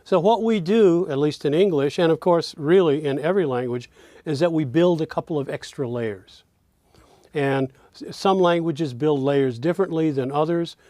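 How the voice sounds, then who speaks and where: A man teaching a lesson on speech rhythm, speaking slowly and deliberately and demonstrating words as he goes. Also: fairly high pitch, warm tone, no echo, studio quality. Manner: slow, deliberate, demonstrative delivery.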